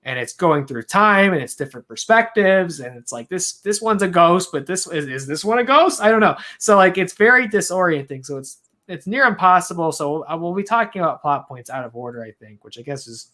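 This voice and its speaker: Bright-voiced man chatting casually. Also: on the high side, expressive, fairly quick. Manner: rambling, self-interrupting, laughs at his own attempts at accents. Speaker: podcast co-host. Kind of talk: casual chat.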